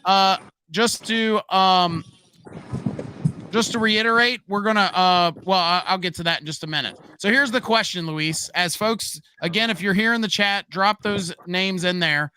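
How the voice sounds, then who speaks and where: A man hosting a live-streamed interview, relaxed and hesitant, who talks to the viewers in the chat. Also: sits high, normal speed, a little hiss or hum. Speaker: interview host.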